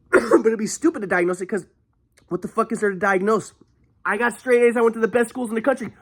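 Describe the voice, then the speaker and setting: A vlogger tells his personal story in a high, brisk voice broken by long pauses. He sounds agitated, curses frequently, and keeps repeating and restarting himself, all in an echoey room.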